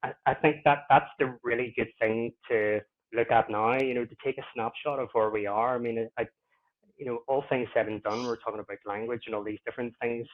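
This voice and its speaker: A man who is a podcast guest, talking in a reflective, unhurried way and often pausing to find his words. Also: mid-range voice, fairly even intonation. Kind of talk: casual interview conversation. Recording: tinny phone-like line.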